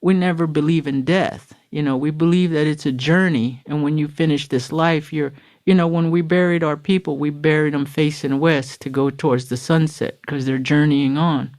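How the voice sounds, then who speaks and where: A woman's voice: deep voice, steady tone, normal speed, a little mellow. Earnest middle-aged woman telling her story. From Florida, USA. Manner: earnest, emotional storytelling with acted-out quotes. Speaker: podcast guest. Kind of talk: personal recovery testimony.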